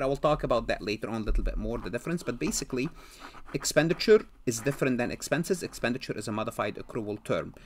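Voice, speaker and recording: Man lecturing, asking himself questions. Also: mid-range voice. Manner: asks and answers his own questions, repeats key words. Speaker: accounting lecturer. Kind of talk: recorded lecture.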